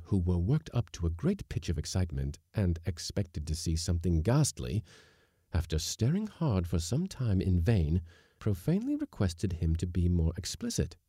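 A man narrating an audiobook story with measured, expressive delivery on a close mic. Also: low voice, slightly rough, dry recording.

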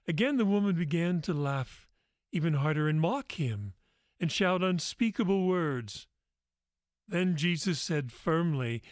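A man who is a priest and hosts a radio talk show, telling a faith story in a gentle, measured way. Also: fairly high pitch, dry recording, studio quality.

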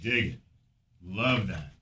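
A man's voice: on the low side, lively intonation, takes it slowly, noisy background. A man hosting a radio show, chatting casually and easily while tasting food on air. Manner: easygoing, thinks aloud with fillers.

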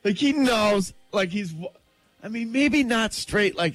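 Animated male radio co-host with lively pitch. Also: unhurried, dry recording, faint music behind. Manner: animated, laughing, playful banter. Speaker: morning radio show co-host. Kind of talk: casual sports chat. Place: radio studio. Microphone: studio mic.

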